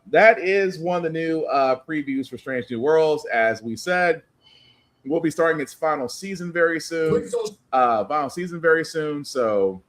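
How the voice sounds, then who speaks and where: A man co-hosting a casual pop-culture podcast, joking and talking loosely. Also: fairly high pitch. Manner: loose, joking, lively delivery. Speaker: podcast co-host. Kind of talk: casual chat.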